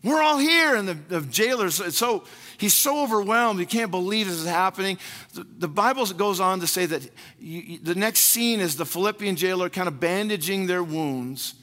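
A man delivers a sermon from the pulpit, his fairly high, bright voice ringing through a large, reverberant church hall. He preaches emphatically, repeating key phrases for weight and acting out prayers and other people's words. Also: normal speed. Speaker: pastor.

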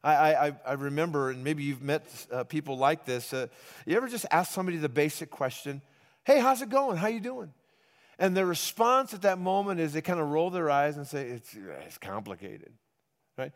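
A man's voice: fairly high pitch, a little fast. A man preaching a sermon, conversational and repetitive, calling on the congregation to respond. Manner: conversational, repeats and restarts, calls for congregation response. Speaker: pastor. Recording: reverberant hall.

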